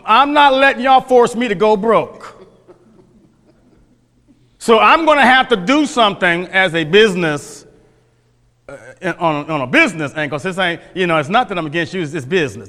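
A man's voice: high-pitched, bright, forceful tone. A man voicing a stubborn male liquor business owner who insists it is only business, repeating himself. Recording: long hall reverb.

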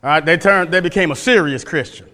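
A man's voice: a little high, fast talker, bright, forceful tone. A male pastor teaching a sermon from scripture, emphatic, repeating phrases and quizzing the congregation. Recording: long hall reverb.

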